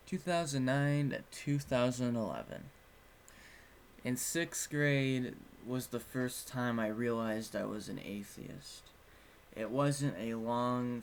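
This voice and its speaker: A man's voice: mid-range voice, vocal fry, a little hiss or hum. A young man telling a personal story in a casual vlog, rambling and frank, swearing now and then. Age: young adult. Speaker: vlogger.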